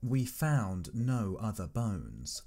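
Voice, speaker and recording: A man reading a science fiction story aloud as an audiobook, in measured, expressive first-person narration. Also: lowish voice, vocal fry. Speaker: audiobook reader.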